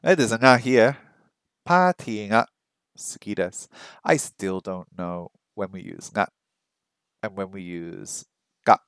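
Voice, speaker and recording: A man's voice: low-pitched, animated, a little slow, gravelly, fairly bright tone, clean tone, no echo, clean studio sound. A man on a casual study stream, thinking aloud, repeating phrases over and over and joking at his own mistakes. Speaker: streamer learning a language. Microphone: streaming microphone that picks up his voice weakly.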